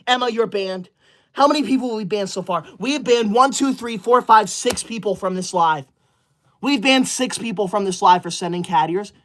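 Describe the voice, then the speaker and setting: In this comedic skit, a man puts on a high, slightly bright voice at a moderate pace to play a touchy, self-righteous teacher's-pet boy livestreamer. He's indignant, scolding and banning viewers in melodramatic outbursts.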